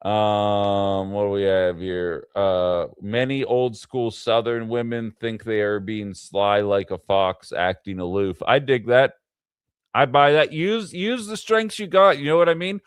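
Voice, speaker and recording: A man's voice: on the low side, fairly even intonation, a little slow, clear, resonant tone, dry recording, clean studio sound. A man hosting a casual political livestream, talking in a rambling way with fillers and asides to his chat. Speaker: livestream political show host.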